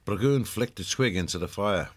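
A man reading a storybook aloud as narrator, in a measured, expressive way. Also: lowish voice, no room sound. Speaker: audiobook narrator.

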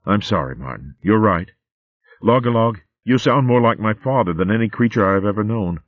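A fierce female otter warrior with a blunt, rough way of speaking, as a male narrator puts her on. Her pitch is pushed up well above the reader's low voice. It comes through a narrow, phone-like band with no room echo. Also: animated, brisk. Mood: torn. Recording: phone-like dry audio.

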